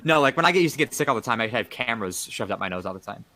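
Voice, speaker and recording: Bright-voiced young man telling a story. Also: mid-range voice, lively intonation, rapid-fire. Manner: rambling, laughs at own story, lots of filler "like". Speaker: podcast co-host. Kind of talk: casual storytelling chat.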